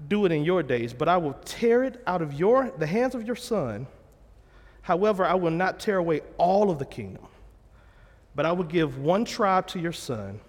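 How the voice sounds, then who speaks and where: A man's voice: high voice, in a large hall. A man preaching a sermon, retelling scripture in a plain, conversational way and correcting himself as he goes. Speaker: pastor.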